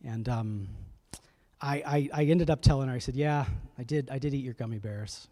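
A man's voice: mid-range voice, moderate pace, dark tone. A man in his thirties, a pastor telling a family story in a conversational sermon, often checking in with his listeners.

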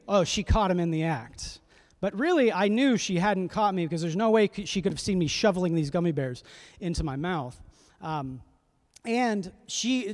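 Speaking in a slightly high voice, a man in his thirties shares a family story as part of a sermon. The pastor keeps the tone conversational and frequently checks in with the people listening.

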